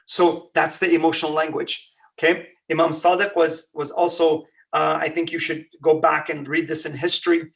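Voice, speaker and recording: A man giving a conversational religious lecture, animated and quizzing his listeners with rhetorical questions. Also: a little high, normal speed, vocal fry, recorded from a distance. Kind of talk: Ramadan lecture.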